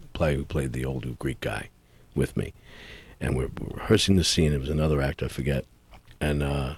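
A man from New York, an actor, telling rambling, animated anecdotes with many restarts in a casual interview. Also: sits low, husky, dry recording. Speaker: actor guest.

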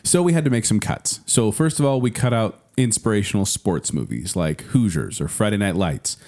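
A man hosting a podcast, chatting casually and explaining at length with quick restarts. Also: fairly low pitch, animated, darkish tone. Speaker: podcast host.

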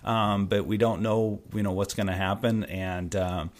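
A man in his fifties, a longtime Sunday school teacher, chatting on a church podcast in a halting, rambling way with many restarts. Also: fairly low pitch, steady tone. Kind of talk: casual podcast chat.

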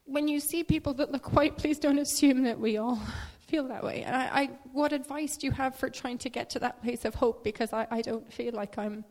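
A woman congregant asking a question, hesitant and halting, repeating her words. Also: high voice, a little mellow. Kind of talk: emotional question from the floor. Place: mosque prayer hall. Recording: long hall reverb.

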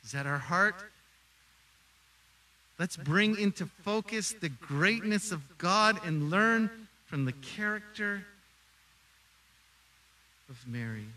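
A middle-aged man preaching a sermon as pastor, animated, acting out quoted voices. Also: high voice, slow, pauses often, distant mic, rough recording.

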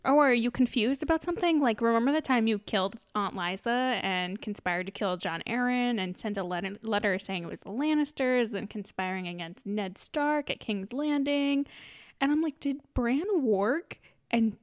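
A woman's voice: a little high, normal speed, clear, resonant tone. A young woman in casual recap chat who laughs often and narrates scenes through quoted lines.

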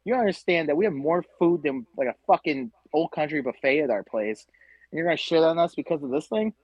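A man from Western New York, a tailgate group leader, is a guest on a casual podcast chat, ranting with lots of profanity and animated storytelling. His voice is a little high and fairly quick, with no room sound and dull audio.

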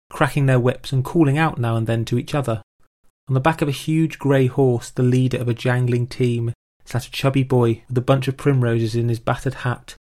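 A man reads passages of old literary prose in a measured, expressive way. His voice sits at an ordinary male pitch. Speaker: reader of extracts. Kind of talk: reading literary prose aloud.

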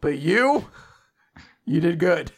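A man's voice: a little high, big pitch swings, slow pace, breathy edge. A man on a podcast adding enthusiastic, profane comments while discussing an anime. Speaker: podcast co-host. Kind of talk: casual chat recapping an anime.

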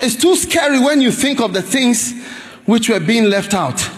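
A man preaching a sermon in an animated, pleading way, often breaking into shouts. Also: very high voice, moderate pace. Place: large church hall with congregation. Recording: church hall reverb, live crowd.

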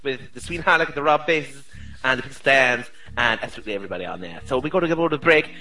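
A man's voice: medium pitch, lively intonation, fast talker, bright, forceful tone, poor audio. A man co-hosting a retro gaming podcast in casual, jokey chat with playful outbursts. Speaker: podcast co-host. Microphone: desk microphone.

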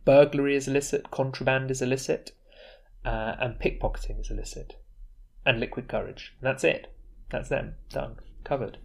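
A man co-hosting a casual board game podcast, chatty and enthusiastic with quick asides. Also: medium pitch, little pitch movement, gravelly, slightly rough. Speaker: podcast co-host.

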